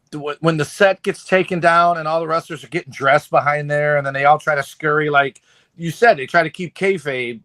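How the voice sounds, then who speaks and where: A man co-hosting a casual podcast, retelling movie scenes in a loose, profane, animated way. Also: on the high side, dry recording. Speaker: podcast co-host. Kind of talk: casual chat.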